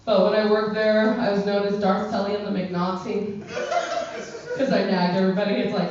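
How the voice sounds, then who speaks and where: A woman doing a stand-up comedy set in a club, brash and profane, with dark self-deprecating humor. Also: mid-range voice, fairly even intonation, brisk, background noise. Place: comedy club with a live audience. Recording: roomy, distant, dull club recording with crowd.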